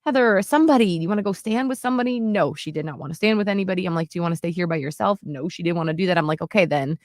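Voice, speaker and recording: A woman in her late thirties races through a personal story as she co-hosts a podcast in a casual storytelling chat. Her voice is lowish, and she speaks earnestly and heartfeltly, with many "like"s and restarts. The recording is dry, with clean studio sound.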